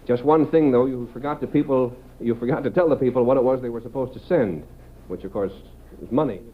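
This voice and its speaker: A man's voice: mid-range voice, fairly quick. A man hosting a live late-night TV show, chatty with wry asides. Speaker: TV talk show host. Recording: dull TV-set recording with audience.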